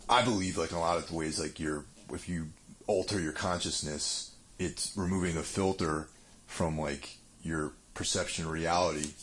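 Deep-voiced man musing in casual chat. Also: steady tone, normal speed, fairly bright tone. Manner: musing, filler-heavy, philosophical.

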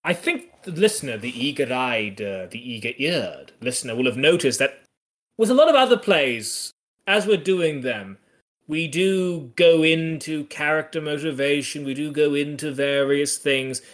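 A man's voice: fairly high pitch, animated, moderate pace, fairly bright tone. A man co-hosting a podcast, talking through a classic comedy in a thoughtful, casual way with frequent restarts. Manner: thoughtful, restarts and hedges while analysing. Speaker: podcast co-host. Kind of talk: casual discussion of a classic play.

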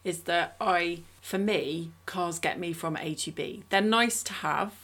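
A woman's voice: lowish voice, a little slow, a bit bright. A woman casually chatting on a podcast, recapping a film in a rambling, self-mocking way. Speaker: podcast co-host reviewing a film. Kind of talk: casual chat.

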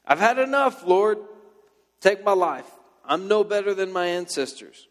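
A preacher voicing a weary despairing prophet. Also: male voice, high-pitched, big pitch swings, measured pace, pitched above the performer's own voice. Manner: whiny, slangy, defeated. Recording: long hall reverb.

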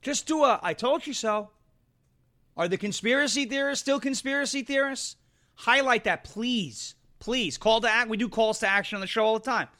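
A man's voice: very high-pitched, a little fast, sharp tone. A man hosting an opinionated political commentary show, combative and sarcastic, repeating phrases for emphasis.

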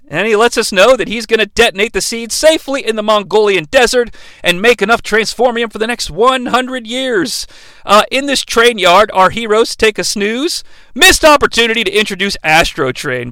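A man hosting a comedic movie recap, sarcastic and animated, breaking into goofy impressions. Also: sits high, moderate pace, smooth, no room sound, poor audio. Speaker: movie review host.

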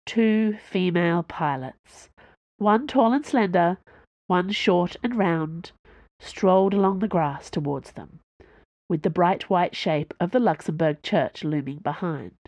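A woman reading a story aloud in an even, measured narration. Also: fairly low pitch, no echo. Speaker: audiobook narrator. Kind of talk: scripted narration.

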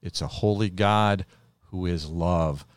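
A man co-hosting a casual Bible chat, chiming in calmly with short remarks. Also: deep voice, slow, clear, resonant tone, dry recording, clean studio sound. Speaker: Bible teacher co-host.

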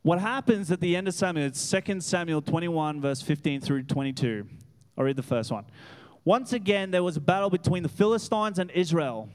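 A man preaching a lively, animated sermon in church as guest pastor. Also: on the high side, brisk. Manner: animated, laughing, acts out voices. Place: church hall with congregation.

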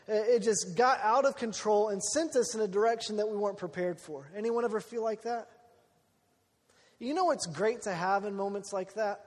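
A man telling a personal story in a sermon, acting out the people he quotes in an animated way. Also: sits high. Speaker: preacher. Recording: long hall reverb.

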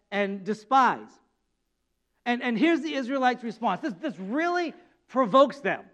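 A man's voice: extremely high pitch, a bit bright. A male pastor giving a conversational sermon, asking rhetorical questions and acting out quoted speech. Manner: conversational preaching with repeated words and rhetorical questions; acts out God and the people in quoted speech.

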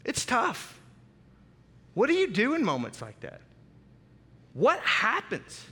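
A man's voice: very high-pitched, wildly swooping pitch, slow pace, pushed and bright, husky, long reverb tail. A man preaching a sermon as pastor, emphatic and dramatic, with repeated phrases.

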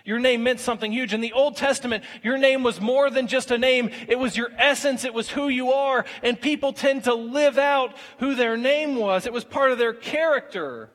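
A man's voice: very high-pitched, normal speed, few pauses, fairly bright tone. A man in his thirties preaching a sermon in a conversational way, acting out little everyday scenes as he goes. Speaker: pastor. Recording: long reverb of a large hall.

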